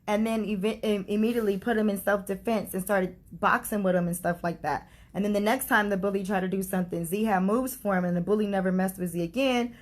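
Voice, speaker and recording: A woman's voice: mid-range voice, fairly even intonation, brisk, hardly any pauses. A woman vlogging a heartfelt personal story in a casual, chatty way, using many fillers. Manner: chatty, uses many fillers like "like" and "you know"; heartfelt and earnest. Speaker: grieving mother vlogger.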